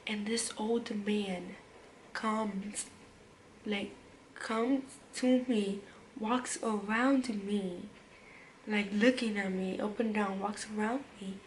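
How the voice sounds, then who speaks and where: A woman's voice: mid-range voice, steady tone, slow pace, slight background noise, low-quality recording. A young woman telling a personal story on her vlog in casual, slangy talk, full of fillers and restarts, sometimes dropping to a whisper. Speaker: vlogger.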